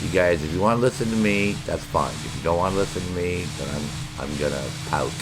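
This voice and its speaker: A man's voice: low voice, brisk, heavy background noise. A middle-aged man streaming a video game, joking and swearing as he banters with his chat. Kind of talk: live gameplay commentary.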